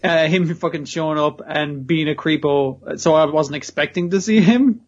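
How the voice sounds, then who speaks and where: Male co-host, higher pitch, laughing sweary banter, dull recording. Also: moderate pace. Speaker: podcast co-host. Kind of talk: casual chat. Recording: dull lo-fi sound.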